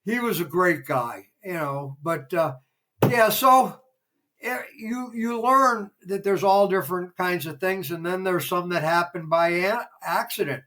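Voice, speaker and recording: A former theater promoter, appearing as a podcast guest, tells rambling behind-the-scenes anecdotes full of fillers in casual interview style. His high-pitched voice is a little slow, pushed and bright, and the recording is rough.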